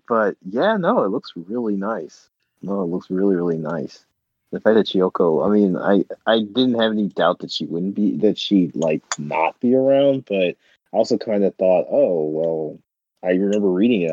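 Low voiced guy chatting on a podcast, pitch jumps all over, kinda muffled dry sound. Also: a little mellow, no echo. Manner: rambling, many restarts and fillers. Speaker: podcast co-host. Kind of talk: casual chat.

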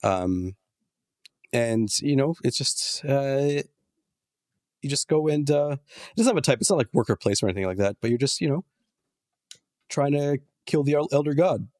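A man chatting casually in a halting way, with many pauses and fillers. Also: medium pitch, animated, darkish tone, no room sound, clean studio sound. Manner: halting, lots of ums and uhs. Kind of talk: casual chat.

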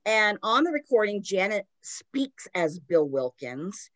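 A woman hosting a podcast tells a spooky story despite a sore throat, casual and animated, with plenty of "like" fillers. Her medium-pitched voice goes slowly, with no echo.

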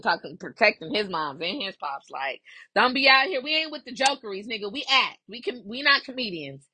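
Young woman gossiping on her podcast w/ AAVE, bright voice kinda breathy, dry close mic. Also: mid-range voice, no room sound. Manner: animated, profane, laughing often. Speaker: podcast host. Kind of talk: casual gossip commentary.

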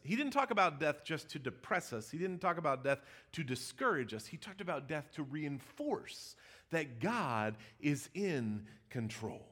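A pastor preaching a sermon in a church, his voice rising emphatically and dropping to a hush. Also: a little high. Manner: animated preaching with emphatic rises and hushed drops. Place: church sanctuary.

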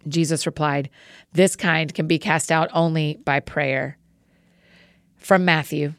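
Low-voiced woman reading scripture. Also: fairly even intonation, slow pace, dry recording, studio quality. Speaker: Bible reader.

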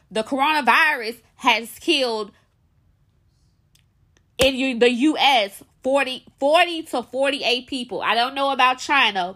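A woman's voice: on the high side, bright, forceful tone. A woman guest giving her opinion firmly, laying out figures one after another. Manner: assertive, lays out numbers. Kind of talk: opinionated commentary.

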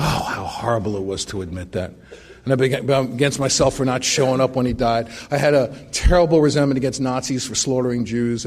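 A man's voice: mid-range voice, a little mellow. A middle-aged man giving a personal recovery testimony, telling it in a wry, self-mocking way with frequent restarts. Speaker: recovery meeting speaker.

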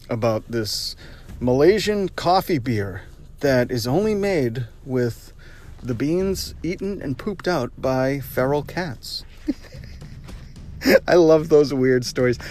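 A man hosting a solo podcast, ranting in an animated, joking way. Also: mid-range voice, a little hiss or hum. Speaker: podcast host. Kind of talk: casual solo podcast rant. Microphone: podcast microphone.

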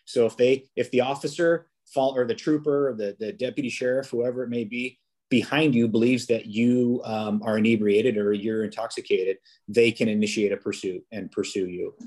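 As a guest on a podcast, a policeman tells stories in a relaxed interview, frequently restarting and using fillers. His mid-range voice is steady and a little mellow, at normal speed.

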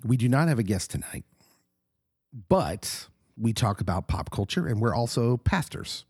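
A middle-aged man who co-hosts a podcast, talking casually while hoarse and husky from a recent illness, animated and laughing often. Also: mid-range voice, normal speed, no echo, clean studio sound. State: hoarse, getting over an illness. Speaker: podcast co-host, pastor.

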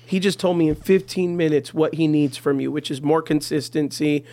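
A man's voice: on the high side, flat delivery, normal speed, warm tone, dry recording. A man who is a pastor, talking on a podcast in an earnest storytelling way, often saying "you know". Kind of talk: casual podcast conversation.

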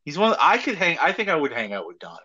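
A man chatting with a lively, swooping voice. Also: a little high, racing. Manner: giggly, profane, jumps into Boston impressions. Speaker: podcast co-host. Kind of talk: casual chat. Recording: dull lo-fi sound.

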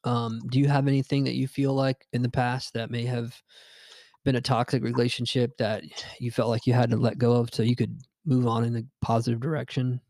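A man's voice: medium pitch, flat delivery, brisk, darkish tone, dry recording. A young man, hosting a podcast and telling a rambling, profane personal story with lots of fillers and restarts. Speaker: podcast host. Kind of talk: casual storytelling chat.

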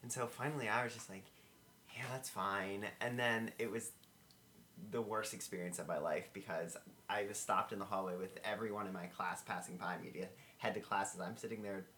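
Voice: sits low, steady tone, a little fast, fairly bright tone, a little hiss or hum. A young adult co-hosting a podcast, talking in a hesitant, self-conscious way with many fillers, in casual conversation. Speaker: podcast co-host. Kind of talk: casual chat.

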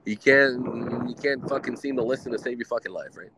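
A man's voice: mid-range voice, brisk, background noise. A man hosting a live talk show outdoors, rambling and heavily profane and often laughing. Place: outdoors in the wind.

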